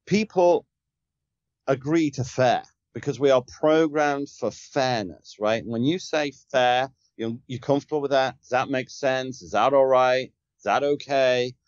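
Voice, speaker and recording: A man's voice: mid-range voice, a little slow, no echo. Sales coach guy, punchy, keeps asking rhetorical questions, dry slightly muffled audio. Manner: emphatic, asks rhetorical questions. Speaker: sales trainer, podcast guest. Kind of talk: conversational coaching.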